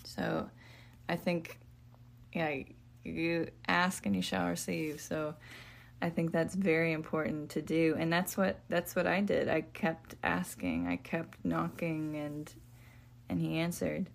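Low, gravelly woman speaking slowly. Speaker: podcast guest, author. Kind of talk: faith podcast conversation.

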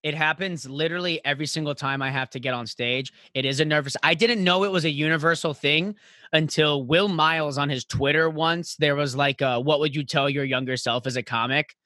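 A man's voice: on the high side, brisk, bright, forceful tone, no room sound, clean studio sound. A young man hosting a casual podcast, talking loosely, swearing and laughing often. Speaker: podcast host.

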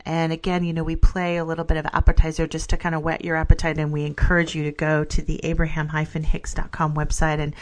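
This podcast co-host is a middle-aged woman whose voice sits low and stays monotone, moving fast with few pauses. The show is a casual spiritual one, and she's enthusiastic, laughing a lot and leaning on "you know" as filler.

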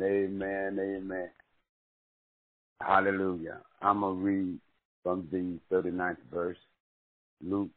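A man hosting a radio sermon and prayer, fervent and repetitive, rising to shouts. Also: deep voice. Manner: fervent, repeats hallelujah, rises to shouts. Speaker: host and preacher. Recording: tinny phone-line broadcast.

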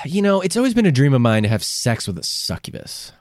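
A man's voice: medium pitch, big pitch swings, brisk, no room sound, clean studio sound. A man co-hosting a podcast in casual, crude, joking chat, explaining research along the way. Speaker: podcast co-host.

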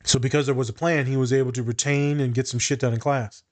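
A man's voice: mid-range voice, steady tone, quick pace, a little mellow. Guy therapist on a podcast, swears a lot, blunt, just telling stories. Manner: blunt and profane, tells client stories. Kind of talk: casual podcast chat.

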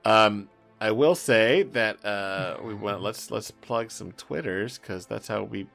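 A man co-hosting a casual podcast, talking in halting bursts with many fillers and easy laughter. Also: fairly low pitch, creaky, a bit bright, soft background music. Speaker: podcast co-host.

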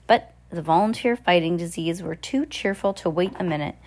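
A woman's voice: fairly low pitch, moderate pace, darkish tone. A woman reading a novel aloud at home into a phone, chatty and casual, stumbling over words and correcting herself. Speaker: reader.

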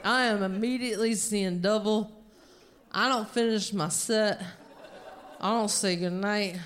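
A woman stand-up comedian telling a story to a live club audience, with animated, punchy delivery. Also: medium pitch, measured pace.

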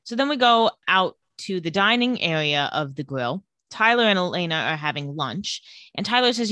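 A young woman talks through a TV episode in a chatty, casual way as a podcast co-host. Her voice is bright and forward. The recording is dry and close. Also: on the low side, sing-song, moderate pace, dry recording. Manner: chatty storytelling.

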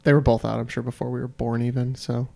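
A man trades wry, self-deprecating remarks over trivia. His voice is mid-pitched with a gravelly texture. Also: monotone, quick pace, warm tone. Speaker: podcast co-host, contestant. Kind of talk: casual banter.

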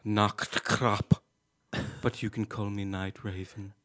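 A brooding night raven spirit with ragged wings, voiced by a man, who talks in a slow, droning monotone. His voice sits low and stays flat, and he delivers odd warnings in an unbothered deadpan for a comedy podcast sketch. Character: gloomy male night raven spirit, winged and tattered.

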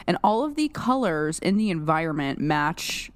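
A woman's voice: deep voice, sing-song, moderate pace, no echo. A woman co-hosting a podcast in casual chat, chatty and giggly with lots of filler words. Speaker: podcast co-host.

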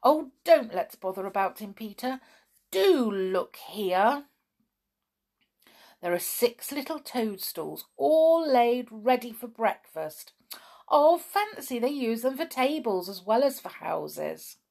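Eager storybook girl, excited and breathless, read by a woman. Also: medium pitch, takes it slowly, pauses often, voice pushed up.

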